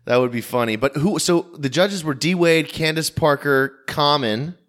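A man's voice: on the high side, moderate pace. Laid-back man chatting on a sports podcast. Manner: relaxed, trails off quietly, swears casually. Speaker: podcast co-host. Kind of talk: casual sports chat.

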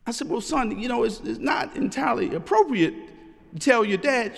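A middle-aged man preaching a sermon in a measured preaching cadence that rises and slows for emphasis, recorded in a large church sanctuary. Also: extremely high pitch, expressive, gravelly, big-room sound. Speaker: pastor.

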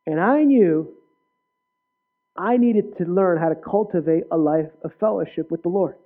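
A male preacher giving an earnest personal testimony in a sermon, with sudden loud bursts. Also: high voice, normal speed. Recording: tinny phone-like sound.

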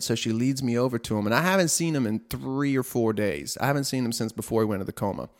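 A young man casually telling a personal faith story, chatty and self-mocking, filling his talk with "like" and "right?". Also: lowish voice. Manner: chatty, with frequent "like" and "right?", laughing at himself. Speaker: storyteller sharing a faith testimony.

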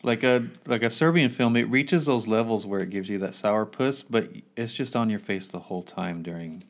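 A man's voice: lowish voice, normal speed. A man in casual conversation about a film, earnest and reflective, often repeating a word as he starts a thought.

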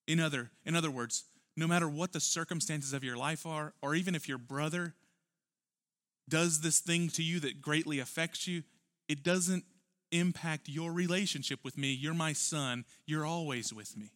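A man's voice: on the high side, normal speed, fairly bright tone. A man preaching a church sermon, earnest and emphatic, full of rhetorical questions. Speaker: pastor.

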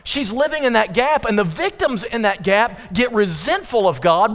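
A male preacher delivering an impassioned sermon, swinging from pleading questions to slow, low emphasis. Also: animated, fairly bright tone. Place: church sanctuary. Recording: long reverb of a church hall.

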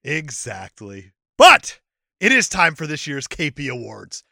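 A man's voice: a little high, unhurried, gravelly, no echo, studio quality. A man hosting a podcast, chatting casually and joking crudely. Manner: joking, profane, lively. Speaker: podcast host. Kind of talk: casual chat.

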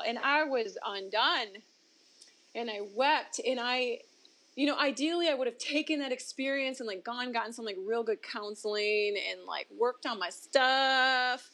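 Woman guest telling her story on an interview: candid, expressive, high-ish voice. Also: a little slow. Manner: expressive, swings pitch up for emphasis, laughs between points. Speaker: interview guest, ministry founder. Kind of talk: candid personal testimony in conversation.

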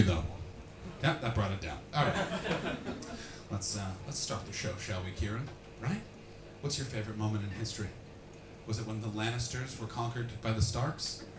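Canadian male stand-up working the crowd, animated and foul-mouthed, in a roomy, reverberant space with faint ambience. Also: on the low side, normal speed, noisy background. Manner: animated, swears freely, acts out voices. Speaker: stand-up comedian. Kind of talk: crowd-work stand-up comedy. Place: comedy venue with a live audience. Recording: echoey room with faint ambience.

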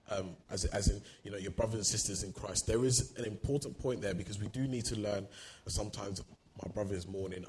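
Earnest low-voiced male preacher. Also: darkish tone, a little hiss or hum, poor audio. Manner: earnest, repeats words while thinking. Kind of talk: sermon.

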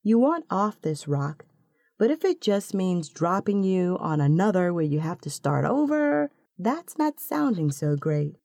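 A woman narrating a second-person story in a slow, calm and intimate manner. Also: fairly low pitch, no echo, clean studio sound.

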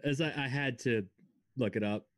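A man co-hosting a casual podcast who speaks haltingly, with many pauses and "uh" fillers. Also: medium pitch, dry recording, studio quality. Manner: halting, hesitant, lots of "uh". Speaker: podcast co-host. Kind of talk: casual chat.

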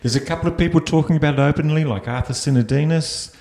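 A man's voice: fairly high pitch, fast talker, creaky, darkish tone. A man co-hosting a casual podcast, blunt and opinionated, often opening his points with "look". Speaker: co-host. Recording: echoey room.

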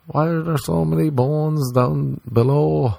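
A man puts on a gullible American tourist, pitched well above his normal low register and gasping with wonder at everything. The voice stays breathless and easily amazed, in a dry, close sound. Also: steady tone, unhurried, creaky, dark tone, no room sound.

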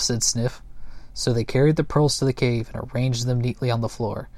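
A man's voice: mid-range voice, steady tone, no room sound. Man reading a storybook aloud, dry sound. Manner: gentle, unhurried, occasional slips and chuckles. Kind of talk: reading a children's book aloud.

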